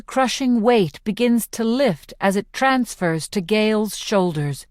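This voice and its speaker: A woman narrating a novel in the first person as an audiobook, reading slowly, clearly and with measured phrasing. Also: medium pitch, expressive, a little mellow, no echo, clean studio sound.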